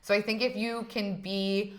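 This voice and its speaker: A woman's voice: medium pitch, measured pace. A young woman co-hosting a candid chat, talking frankly and swearing freely as she tells a personal story. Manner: frank and profane, animated retelling. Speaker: co-host.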